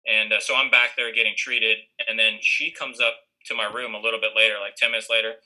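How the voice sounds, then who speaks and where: Bright-voiced man telling a story. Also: lowish voice, little pitch movement, fast talker, low-quality recording. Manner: rambling, many fillers. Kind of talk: casual storytelling chat.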